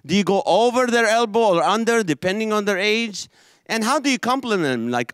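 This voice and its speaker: A man from Israel doing a stand-up comedy routine, animated and quick with quoted voices. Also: high-pitched, dry recording, studio quality.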